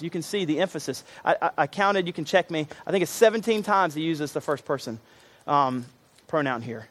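A man's voice: on the high side, fairly quick, fairly bright tone. A man preaching a sermon to his congregation, earnest and emphatic, often repeating himself for weight. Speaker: pastor.

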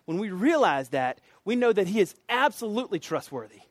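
Pastor, male, relaxed conversational sermon delivery with light humor; higher-pitched voice. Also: a little fast, no room sound. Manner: casual, jokey conversational preaching.

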